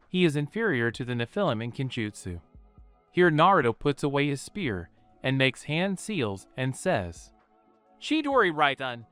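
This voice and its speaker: Male narrator, smooth and lively, dry close sound, steady story reading. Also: mid-range voice, dry recording. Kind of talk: scripted narration of a fan story.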